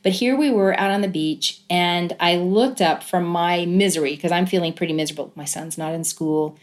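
A middle-aged woman, a guest in a conversational interview, telling a personal story in an earnest, reflective way with many pauses. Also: fairly low pitch. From Southern California.

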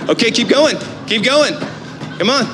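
A man leading a church crowd game, loud and excited, calling out to the crowd. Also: very high voice, normal speed. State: out of breath. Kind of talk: energetic stage hosting. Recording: echoey hall with faint music.

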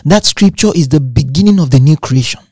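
This expressive preacher moves briskly through his sermon, hammering home repeated lines and quoting scripture. He has a husky, somewhat mellow tone pitched a bit high for a man, captured in a tight, dry recording free of echo or room ambience.

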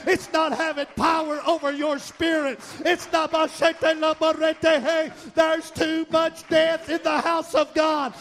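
A man preaching a fiery sermon, shouting and half-singing his repeated lines. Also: extremely high pitch. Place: church sanctuary.

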